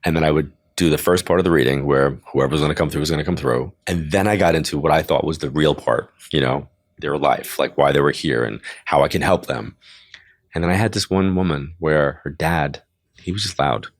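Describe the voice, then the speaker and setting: A man in his sixties, a psychic medium, telling stories in an interview in a lively, chatty way, full of asides and acted-out quotes. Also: very deep voice, a little fast, dry recording, studio quality. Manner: lively storyteller who acts out quoted voices. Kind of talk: interview storytelling.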